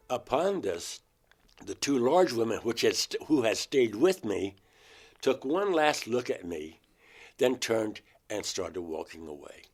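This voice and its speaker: Low-voiced man recounting an experience. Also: big pitch swings, measured pace, slightly rough. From Georgia, USA. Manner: emotional, vivid retelling, acts out his own words. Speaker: interview guest.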